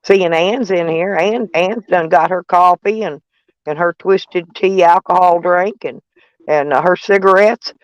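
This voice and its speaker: A woman's voice: on the low side, unhurried, no echo, dull audio. Rambling woman, dry close sound. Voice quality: folksy, salty, rambling. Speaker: vlogger. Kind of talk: casual rambling chat to viewers.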